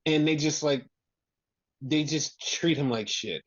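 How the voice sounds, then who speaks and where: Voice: medium pitch, slow pace. A podcast co-host ranting in exasperation through a casual wrestling recap, swearing often. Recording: dull lo-fi sound.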